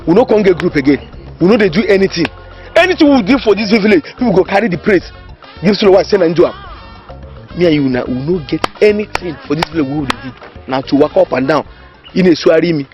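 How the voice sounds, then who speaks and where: An actor with a Nigerian accent playing a complaining village vigilante in a comedy film. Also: male voice, sits high, lively intonation, fast talker, darkish tone, dull audio, soft background music. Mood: grumbling. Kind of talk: Nollywood comedy film acting.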